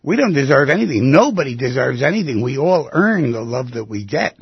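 On a radio call-in program, a middle-aged host and therapist coaxes callers with plain, direct advice. His mid-range voice is very animated, slightly rough and a little fast. The broadcast sound is muffled and dry, without echo.

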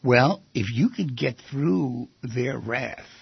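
A man giving an animated talk, firing off rhetorical questions and acting out quoted voices, on a slightly muffled lo-fi recording. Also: medium pitch, takes it slowly, vocal fry, slightly rough, no echo. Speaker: speaker giving a talk on relationships. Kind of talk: animated lecture to an audience.

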